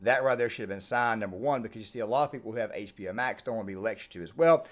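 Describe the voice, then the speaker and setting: A man's voice: on the low side, racing. A man hosting an online video, giving heated, opinionated commentary on sports and politics. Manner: ranting, emphatic.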